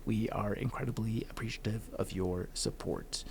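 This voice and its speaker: Upbeat man hosting a podcast, slightly high. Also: a little fast. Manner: upbeat, jokey interviewer. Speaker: podcast host.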